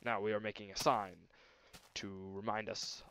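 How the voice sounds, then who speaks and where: A man's voice: on the low side, little pitch movement, moderate pace. A young man commenting on his own gameplay in a silly, mock-grand voice, speaking to the animals and trees. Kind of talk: let's play commentary. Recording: noisy amateur recording.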